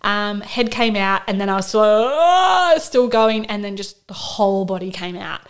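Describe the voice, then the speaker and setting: A woman's voice: mid-range voice, steady tone, moderate pace, clean tone. A woman in her thirties, a podcast co-host, candidly telling her birth story in casual chat and quoting herself with bursts of emotion.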